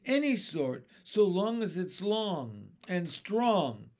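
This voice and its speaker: A clever young boy out of a storybook, earnest and thoughtful, as a man voices him. His voice sits higher than the man's own and falls into slow, careful phrases. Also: big pitch swings, darkish tone, exaggerated voice. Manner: hesitant then firm.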